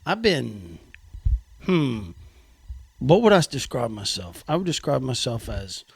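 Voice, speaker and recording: A man's voice: medium pitch, sing-song, measured pace, gravelly, breathy edge. A man hosting a podcast, telling stories in a laid-back, chatty way with frequent laughs. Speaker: podcast host. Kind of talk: casual chat.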